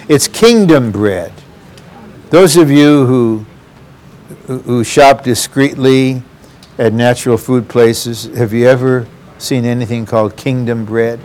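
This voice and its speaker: Slow, earnest male preacher. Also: mid-range voice, darkish tone. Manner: slow, earnest, addressing the congregation directly. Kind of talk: sermon.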